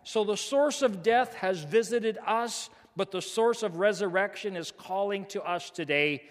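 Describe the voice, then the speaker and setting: A man's voice: high voice, measured pace, few pauses. Man, pastor, emphatic folksy sermon, long church reverb. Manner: folksy, emphatic preaching with repetitions.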